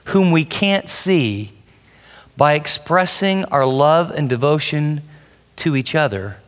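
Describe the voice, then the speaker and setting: A man's voice: fairly high pitch, lively intonation, slow, a bit bright, long reverb tail. A man preaching a sermon with emphatic delivery, often asking his listeners questions. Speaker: pastor.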